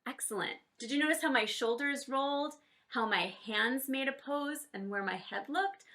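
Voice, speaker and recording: Bright, lively woman teaching kids drama. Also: moderate pace. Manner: encouraging, cueing exercises with "ready, set, go"; demonstrates high, low and silly voices. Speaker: children's theater teacher. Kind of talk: online drama lesson for kids.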